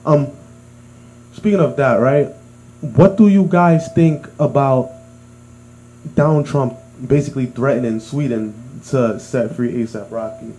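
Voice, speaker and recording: Co-host, male, mid-pitched and mellow, storytelling in a casual chat over a faint hum. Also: unhurried, rough recording. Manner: animated storyteller, acts out quotes. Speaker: podcast co-host.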